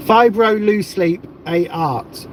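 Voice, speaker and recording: A man's voice: sits high, slow, a little hiss or hum. A man from the south of England hosting a casual livestream, chatty and rambling with plenty of jokes. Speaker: livestream host.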